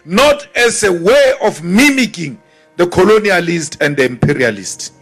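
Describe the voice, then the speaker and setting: This is a South African man giving a political speech in a high, ringing voice. He speaks slowly and deliberately, with defiant weight on each point, and faint music plays behind him. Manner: forceful, defiant, repeats phrases for emphasis; mimics timid voices mockingly. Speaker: politician addressing a crowd.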